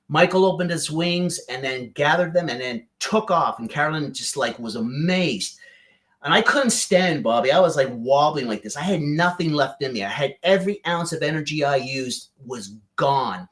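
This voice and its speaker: A man, a podcast guest, telling a personal story in an animated way and often addressing the host by name. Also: on the high side, normal speed. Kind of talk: emotional storytelling.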